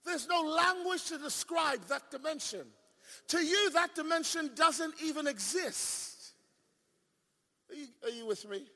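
A male preacher delivering a sermon with emphatic swings between shouting and hushed asides, often asking the congregation questions. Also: very high voice, expressive, measured pace. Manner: playful, asks the crowd questions. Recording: long reverb of a large hall.

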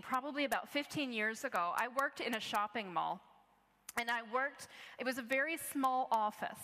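A woman's voice: on the high side, bright, forceful tone. Woman preaching in a reverberant hall. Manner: earnest storytelling, conversational with many restarts. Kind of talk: sermon. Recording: long reverb of a large hall.

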